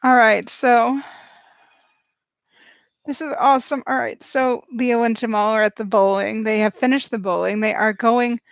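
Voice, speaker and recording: High-voiced, excitable woman vlogger. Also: moderate pace, creaky, no echo, low-quality recording. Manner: excitable, gushing, talks straight to viewers. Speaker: reaction vlogger. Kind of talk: live reaction commentary.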